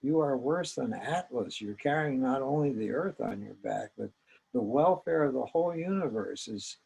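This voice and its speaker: Older man, husky gravelly voice, gentle reflective storytelling, halting pauses. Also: medium pitch, animated, rough recording. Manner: reflective, gentle, with small hesitations. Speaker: psychologist recounting his training. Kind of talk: personal storytelling.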